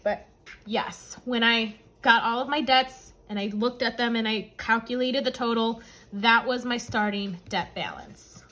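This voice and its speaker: A woman with a slightly high, fairly bright voice hosts a budgeting channel and tells a personal story full of emotion, tearful at moments, addressing her viewers as "y'all." The audio is poor.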